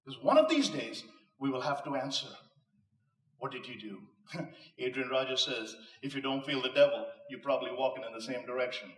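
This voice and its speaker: A man's voice: mid-range voice, animated, brisk, a bit bright. Man, inspirational speech, rhetorical, punchline humor, echoey room, distant mic. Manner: emphatic, rhetorical, with punchline jokes. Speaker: motivational speaker. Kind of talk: inspirational speech to a live audience. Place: live venue before an audience.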